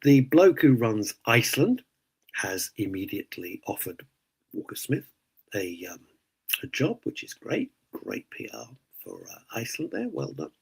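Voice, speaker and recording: A man's voice: medium pitch, big pitch swings, measured pace, vocal fry, slightly rough, low-quality recording. A man hosting a radio show, ranting indignantly in casual opinionated chat. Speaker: radio host.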